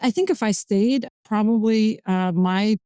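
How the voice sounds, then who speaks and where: Woman in her forties from Azerbaijan as interview guest, mellow tone, halting speech full of fillers. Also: medium pitch, smooth, no echo. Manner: hesitant, many fillers and restarts. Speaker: physician-scientist guest. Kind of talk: conversational interview.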